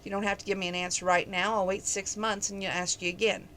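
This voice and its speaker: A woman's voice: mid-range voice, level tone, fairly quick, a bit bright, a little hiss or hum, lightly acted. Woman reading a tender young man in love, read plain. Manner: earnest, tender. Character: lovestruck young man, a rancher.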